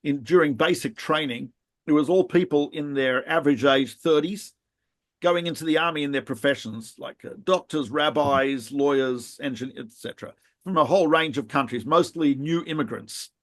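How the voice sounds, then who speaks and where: A middle-aged rabbi co-hosts a podcast, telling animated anecdotes full of laughs and restarts in casual chat. His pitch is fairly high and he talks at a normal speed.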